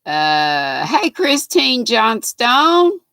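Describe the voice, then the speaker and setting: An older woman with a North Carolina Southern accent hosts a live stream, reading viewer comments aloud, chatting folksily and laughing. Her voice is a little high, sing-song, and fairly bright, and she speaks very slowly. The recording has no room sound.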